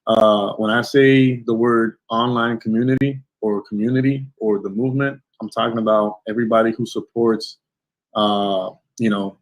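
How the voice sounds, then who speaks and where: Male stream host, lower voice, gushing with thanks; warm welcome for each viewer. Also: poor audio. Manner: effusive, thankful, blessing-heavy. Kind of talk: livestream interview intro. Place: home setup in Florida.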